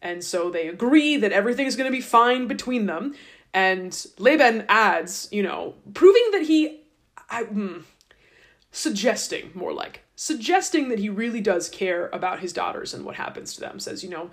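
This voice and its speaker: A woman's voice: medium pitch, very animated, moderate pace. A woman podcast host casually retelling a scripture story in a chatty, wry, irreverent way.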